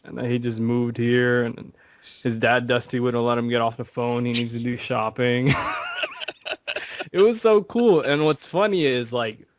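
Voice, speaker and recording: A man on a podcast telling stories in a casual, animated way, acting out quotes and swearing freely. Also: mid-range voice, measured pace, no echo. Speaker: podcast co-host. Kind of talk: casual chat.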